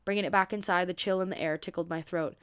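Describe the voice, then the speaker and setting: A woman reading a romance novel aloud for her book channel, expressive and dropping in quick asides of her own. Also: lowish voice, clear, resonant tone.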